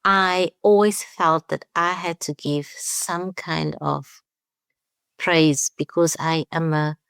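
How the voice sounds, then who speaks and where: A woman's voice: sits low, fairly even intonation, slow pace, gravelly, clean tone, no echo, studio quality. A woman from South Africa, a winemaker, speaking as a guest in a conversational interview and telling stories with acted-out dialogue. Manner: warm storytelling, acts out quoted dialogue.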